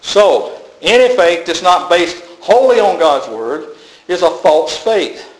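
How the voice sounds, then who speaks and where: A man with a high voice preaching a sermon, emphatic, often doubling back and repeating himself. The sound carries a roomy echo, as if from a church sanctuary.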